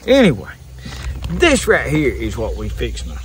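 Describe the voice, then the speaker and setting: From a kayak on a pond, this Southern-accented fishing vlogger gives casual outdoor talk to camera, chuckling through his folksy rambling. His mid-range voice has huge pitch swings at a moderate pace, with a little hiss or hum and insects and crickets behind him.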